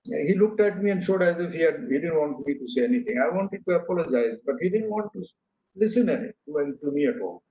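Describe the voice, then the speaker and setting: A man's voice: on the high side, animated, quick pace, a little hiss or hum. An older man giving an earnest, anecdotal talk to an audience, with frequent fillers and restarts. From India. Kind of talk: speech to an audience. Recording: echoey hall, dull lo-fi sound.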